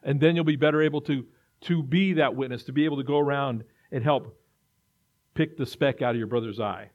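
A man's voice: medium pitch, a little fast, a little mellow. A man preaching a sermon in an earnest way, building to emphatic repetition. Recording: dull lo-fi recording.

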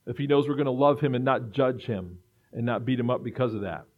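A man's voice: medium pitch, a little fast. A man preaching a sermon in an earnest way, building to emphatic repetition. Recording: dull lo-fi recording.

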